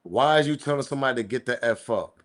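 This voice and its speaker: A man hosting a commentary channel, talking in a casual, slangy, animated way and repeating his points. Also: medium pitch, quick pace. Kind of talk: casual commentary on audio clip.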